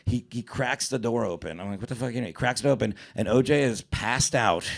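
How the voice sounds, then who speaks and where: A male comedian hosting a live podcast, telling an animated, profane story and acting out the quotes. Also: mid-range voice, brisk, vocal fry. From South Florida. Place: comedy club stage before a live audience.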